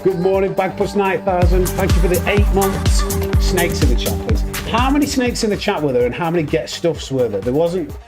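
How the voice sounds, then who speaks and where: A man streaming sim racing, casually greeting viewers by name in quick bursts and joking about himself. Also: sits high, expressive, over music. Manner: upbeat, greets chat names in quick bursts, self-mocking. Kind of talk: casual live-stream chat.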